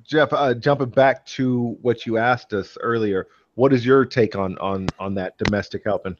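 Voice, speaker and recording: A man's voice: mid-range voice, steady tone, moderate pace. A man talking earnestly and steering the topic in an online group chat. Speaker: chat participant. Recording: muffled call with faint noise.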